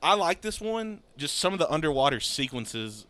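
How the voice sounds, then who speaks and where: A man in his thirties hosting a podcast in casual chat, laid-back and quick to laugh. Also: on the high side, very animated, a bit bright. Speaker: podcast host.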